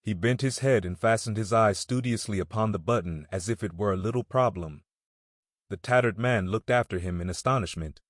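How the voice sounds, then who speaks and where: Low-voiced male audiobook narrator. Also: brisk, no room sound, studio quality. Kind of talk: audiobook reading of a classic novel.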